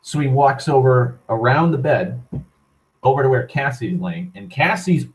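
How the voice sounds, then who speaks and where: A man's voice: medium pitch, animated, normal speed, rough recording. A young man telling a long story in a casual, rambling monologue, swearing freely and filling his talk with "like" and restarts. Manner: profane, rambling, full of "like" and restarts. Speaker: channel host.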